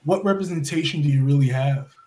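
A man from New York giving an impassioned monologue full of rhetorical questions, swinging between loud and soft as a podcast guest. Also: on the high side, fairly quick.

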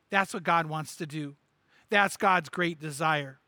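A middle-aged man preaching a sermon, an animated storyteller who acts out the voices in his anecdotes. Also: a little high, a little slow, dry recording. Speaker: pastor. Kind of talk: sermon with acted-out stories.

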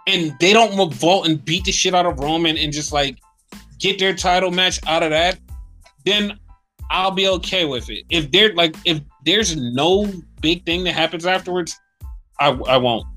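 Male podcast co-host, casual and animated, swears a lot, high voice, faint music behind. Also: moderate pace. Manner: animated, swearing, acts out wrestler rants. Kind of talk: casual wrestling chat.

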